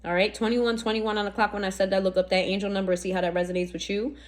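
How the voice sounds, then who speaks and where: A woman's voice: mid-range voice, level tone, fast. A woman giving a casual tarot reading, blunt and profane, full of slang and rhetorical questions aimed straight at the listener. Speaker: tarot reader.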